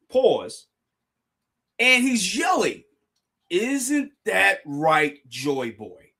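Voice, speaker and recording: A young man live-streaming a reaction, talking excitedly, stumbling over words and thanking his chat. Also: high voice, breathy edge. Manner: excitable, restarts and apologizes, addresses chat. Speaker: streamer reacting to a manga chapter.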